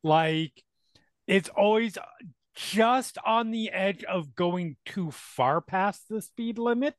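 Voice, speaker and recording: Slow, halting man at a game table. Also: high-pitched, dry recording, studio quality. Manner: slow, searching, many restarts. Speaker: player. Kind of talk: casual tabletop game chat.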